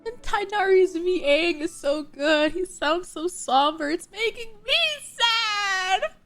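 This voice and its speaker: A woman's voice: extremely high pitch, slow pace, a bit bright. A woman streamer at home reacting on a live stream, tearful, swearing and laughing through tears.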